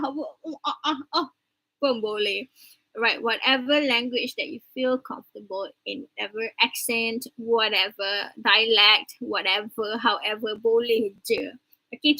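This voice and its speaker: A woman's voice: fairly high pitch, pushed and bright, no room sound, poor audio. A woman from Kelantan with a Malaysian English accent, briefing her class online in a chatty, teasing way and switching between English and Malay. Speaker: university lecturer.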